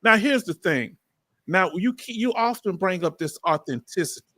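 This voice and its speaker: Bright-voiced Southern man hosting. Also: high voice, lively intonation, normal speed, dry recording, studio quality. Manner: direct, probing, casual slang. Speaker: channel host. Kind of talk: live chat Q&A.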